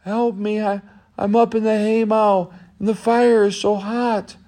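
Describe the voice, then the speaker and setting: A man's voice: high voice, level tone, a little slow, voice pushed up. A man putting on a timid young orphan boy. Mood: pleading. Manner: soft, pleading, polite.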